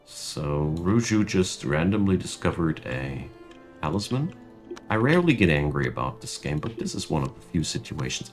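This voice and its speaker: A young man with a low, gravelly voice commentates his strategy game at a desk mic, swinging his pitch widely as he vents about bad luck. He speaks slowly and drawn out, clearly frustrated. Faint game music and typing sit under him. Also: sing-song. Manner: frustrated ranting, exasperated. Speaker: gaming channel host. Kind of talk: gameplay commentary.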